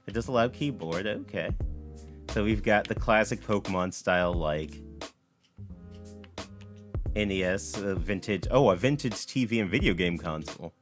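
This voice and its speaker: A man's voice: sits low, lively intonation, moderate pace, pauses often, faint music behind. A man who is a game developer giving rambling, self-correcting let's play commentary on a game demo.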